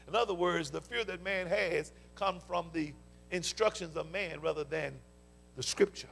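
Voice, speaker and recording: High, gravelly Southern preacher man. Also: moderate pace, a bit bright. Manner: fervent preaching with call-and-response interjections; folksy storytelling. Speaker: pastor. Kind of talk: sermon. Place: church sanctuary.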